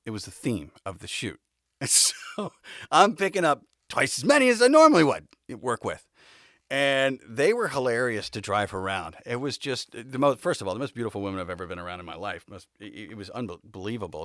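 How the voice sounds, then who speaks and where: A man hosting a podcast, telling stories from his past in a casual, animated way and acting out the people in them. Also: fairly low pitch, no echo, clean studio sound. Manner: animated storyteller acting out quoted voices, laughing; swears casually. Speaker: podcast host. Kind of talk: casual storytelling.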